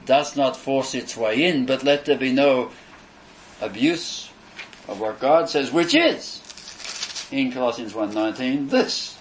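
A man preaching a sermon, emphatic and declamatory, repeating phrases for stress and pausing between them. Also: a little high, lively intonation, fairly bright tone, a little hiss or hum, low-quality recording. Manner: measured, declamatory delivery with pauses between phrases.

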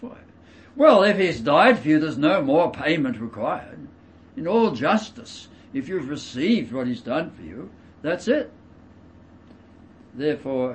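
A man preaching a verse-by-verse sermon. He stresses key words loudly, drops into quiet asides, and explains with everyday examples. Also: medium pitch, a little hiss or hum. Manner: emphatic, swings between loud stresses and quiet asides. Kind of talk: expository sermon.

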